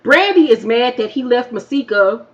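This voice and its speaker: A woman recapping a reality TV episode in a blunt, profane, animated way, her voice getting worn from talking all afternoon. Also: a little high, normal speed, muffled recording. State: losing her voice. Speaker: YouTube reviewer. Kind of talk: casual TV recap.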